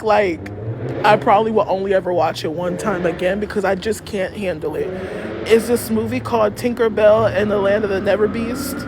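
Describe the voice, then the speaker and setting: A woman streams live from a city street, chatting in a loose, rambling way and swearing freely. Her voice sits in a middle range. Traffic and street noise are clearly heard behind her, and the street gives off an echo. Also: medium pitch. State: cold. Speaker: livestreamer. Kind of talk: casual live-stream chat.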